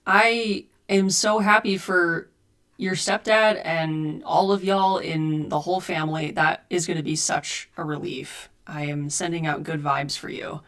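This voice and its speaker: Her voice is deep and a bit bright, with fairly even intonation and a measured pace. She's a cosplay streamer chatting casually from home, answering her chat and troubleshooting audio on a desk USB microphone.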